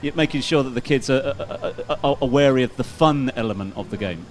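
A man's voice: mid-range voice, fairly quick. A man with a Hereford accent interviewing a guest, asking questions conversationally with frequent stammering restarts.

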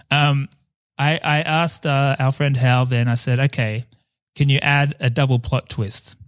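A man's voice: mid-range voice, steady tone, a little slow, smooth, no echo, studio quality. Chatty, laughing podcast host man. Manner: playful, laughs often, chatty with restarts. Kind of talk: casual chat.

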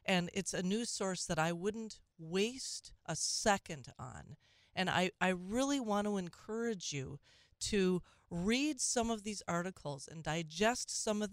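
Smooth-voiced talk radio host woman. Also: fairly low pitch, expressive, takes it slowly, dry recording, clean studio sound. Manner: conversational, with frequent restarts and asides.

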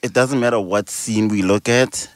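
A man's voice: lowish voice, fairly even intonation, moderate pace, no room sound. A man in casual podcast chat, hesitant at first with many restarts, then emphatic.

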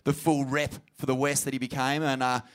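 A man's voice: mid-range voice, flat delivery, a little fast, fairly bright tone, clear, resonant tone. A man with an Australian accent, co-hosting a live comedy podcast, rambling loosely with lots of fillers. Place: live show in a pub.

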